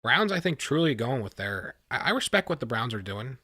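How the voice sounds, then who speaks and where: A man hosting a live stream, reacting with excitement and talking to his chat, often repeating himself. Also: mid-range voice, fairly quick, husky, no room sound, studio quality. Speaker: livestream host reacting to a draft.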